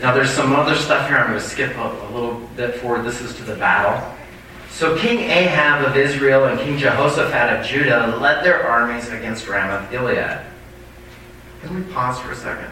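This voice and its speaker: A male pastor reads scripture in a bright, forceful voice, stopping now and then for asides to the congregation. He sounds distant from the mic, and his words ring through a very echoey church hall with faint background noise. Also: medium pitch, moderate pace. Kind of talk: sermon reading scripture with commentary.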